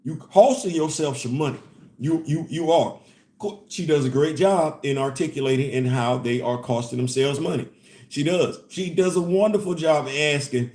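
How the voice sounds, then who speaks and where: An animated man with hosts a casual commentary, his voice sitting a little high for a man. He keeps circling back to the same phrases and breaks into laughs. The sound rings in a roomy, echoey space. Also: normal speed. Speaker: host. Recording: echoey room.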